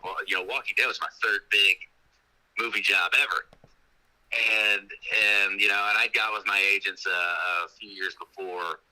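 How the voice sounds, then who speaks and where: A man's voice: on the low side, sharp tone, rough recording. A man in casual interview talk, telling rambling stories with many restarts. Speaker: actor guest.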